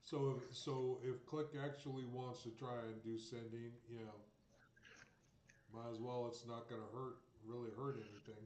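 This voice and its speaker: A man's voice: medium pitch, flat delivery, moderate pace, a little mellow, roomy sound, a little hiss or hum. A man playing in a tabletop game, talking hesitantly with many restarts. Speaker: player. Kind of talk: casual tabletop game chat.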